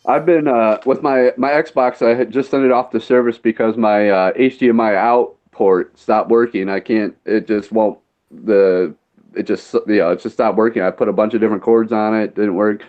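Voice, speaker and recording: A man's voice: fairly low pitch, steady tone, moderate pace. Rambling man on lo-fi podcast audio. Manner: rambling, filler-heavy, searching for words. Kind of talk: casual chat.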